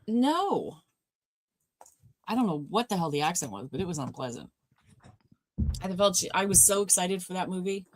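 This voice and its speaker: A woman's voice: lowish voice, sing-song, moderate pace, pauses often, slight background noise. A woman co-hosting a livestreamed movie watch party, chatting casually, laughing often and trailing off mid-sentence. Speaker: livestream co-host.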